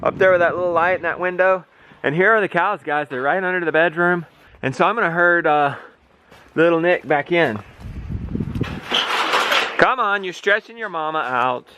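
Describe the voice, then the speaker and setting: A man's voice: a little high, normal speed, pauses often, pushed and bright, a little hiss or hum. A man hosting a casual family farm vlog, talking to his viewers in a chatty, playful way as he works outdoors. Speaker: vlog host.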